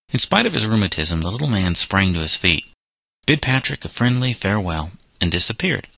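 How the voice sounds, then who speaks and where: A man reading a scripted story aloud in a measured, steady way. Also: on the low side, creaky, husky, no room sound, rough recording. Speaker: narrator.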